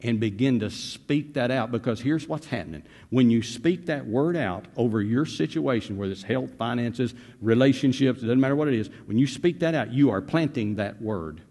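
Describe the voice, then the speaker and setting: An older man preaching a sermon, telling folksy family stories and moving between quiet asides and loud urging. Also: mid-range voice, animated, moderate pace, few pauses, in a large hall. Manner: folksy storytelling, swings from soft asides to loud exhortation. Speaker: pastor.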